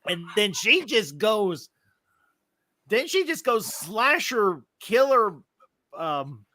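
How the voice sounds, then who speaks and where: A man in his forties co-hosting a casual movie chat, telling scenes in an animated way. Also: sits high, slow pace, dry recording. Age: 40s. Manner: animated storyteller, acts out scenes. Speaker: movie review podcast co-host.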